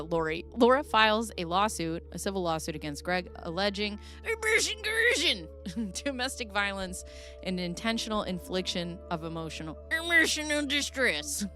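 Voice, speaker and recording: A woman's voice: mid-range voice, bright, forceful tone. A woman hosting a casual reaction commentary, goofy and giggly, rambling as she reads through documents. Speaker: host.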